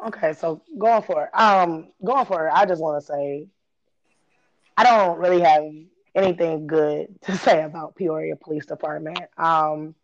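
A woman's voice: deep voice, normal speed. A woman in her thirties from Illinois, telling her own story in casual talk, laughing often, cursing freely and acting out what people said. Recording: dull lo-fi recording.

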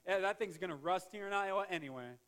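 A man's voice: sits high, fast talker, fairly bright tone. A male pastor giving a conversational sermon, with joking asides and restarts. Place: church sanctuary.

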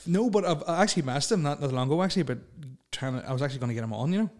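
A man's voice: on the high side, expressive, very fast, a little mellow. A young man with a Northern Irish accent, hosting a casual podcast chat, laughing often and restarting his sentences. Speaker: podcast host.

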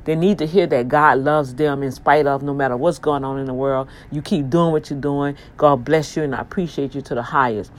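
A woman's voice: a bass voice, steady tone, brisk, hardly any pauses. A woman hosting her online radio show, thanking listeners in an effusive, preachy manner full of praise-God exclamations. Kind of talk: casual talk with listener shout-outs.

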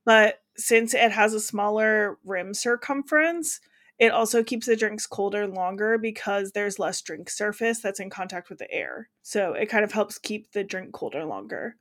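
A woman's voice: medium pitch, moderate pace, a bit bright. An American woman co-hosting a casual podcast, chatting and laughing often as she tells drink history. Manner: chatty, laughs often, reads quotes aloud. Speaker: podcast co-host.

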